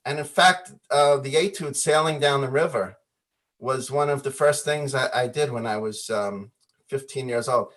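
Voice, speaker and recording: A man on a video call spins an anecdote with lively energy, slipping into other voices as he retells old conversations. His pitch sits in an ordinary middle range. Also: moderate pace. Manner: animated storyteller, acts out quoted voices, laughs often. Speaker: guest musician. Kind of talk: storytelling in a video call interview.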